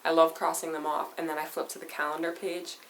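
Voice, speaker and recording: A woman's voice: low-pitched, level tone, fast talker, a little hiss or hum, rough recording. A teenage girl vlogging in a casual, rambling way, saying "like" all the time. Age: teens. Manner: chatty, rambling, says "like" constantly. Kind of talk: casual chat to camera.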